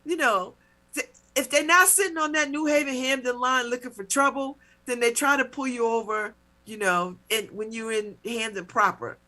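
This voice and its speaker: A middle-aged woman hosting a talk show, telling a personal story in a casual, animated way, with mock-indignant retellings. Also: fairly high pitch, normal speed. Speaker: radio talk show host.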